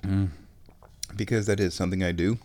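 Man podcast host with a stuffy nose, low-pitched, playful and chatty, casual rambling solo talk at home. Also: steady tone, brisk, darkish tone, a little hiss or hum. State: stuffed-up sinuses. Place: at home, walking between rooms.

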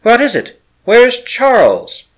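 A man's voice: fairly high pitch, huge pitch swings, slow pace, voice pushed up, exaggerated voice. A man voicing a frightened young wife in an audiobook, speaking in a breathless, pleading way. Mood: alarmed.

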